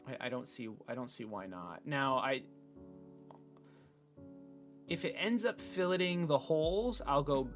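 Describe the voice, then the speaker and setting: A man thinking out loud in a casual screen-recorded build log, hesitant with many fillers and restarts, from his room at home. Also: medium pitch, creaky. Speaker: hobbyist robot builder. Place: bedroom at home.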